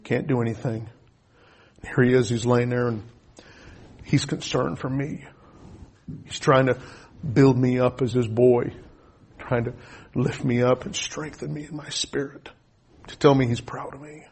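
A middle-aged man preaching a sermon, telling a personal story with deep emotion, swinging between loud and hushed. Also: steady tone, a little slow, pauses often, slightly rough.

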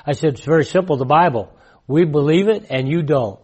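A man in his sixties preaching in a conversational, emphatic way, repeating his key points and swinging from loud to hushed. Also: a little high, fairly quick, slightly rough. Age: 60s. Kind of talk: conversational sermon testimony.

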